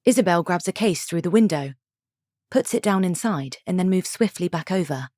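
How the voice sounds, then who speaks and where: A woman reads a story aloud with steady, descriptive narration. Her voice sits low, and the recording is dry, with no room sound. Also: normal speed, no room sound.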